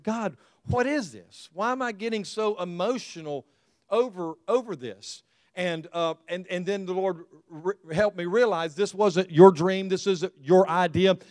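Preacher with a smooth voice. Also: male voice, on the high side, no room sound. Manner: conversational preaching with restarts and chuckles. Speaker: pastor. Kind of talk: sermon.

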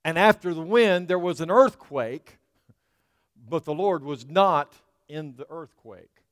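Man, pastor, sermon, dramatic loud-to-hushed swings, fairly high voice, dry close sound. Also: measured pace, no echo, big-room sound.

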